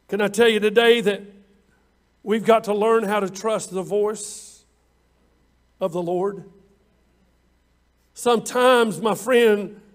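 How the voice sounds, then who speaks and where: High-voiced preaching man, emphatic and drawn out. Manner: preaching with drawn-out emphatic lines, rising louder on scripture quotes. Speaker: pastor. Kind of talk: sermon.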